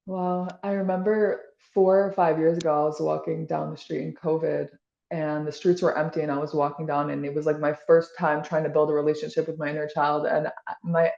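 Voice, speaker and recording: A woman's voice: low voice, level tone, a little fast, vocal fry, warm tone, roomy sound, highs cut off. A woman being interviewed, talking in a casual, rambling way with lots of "like" and restarts. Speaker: podcast guest.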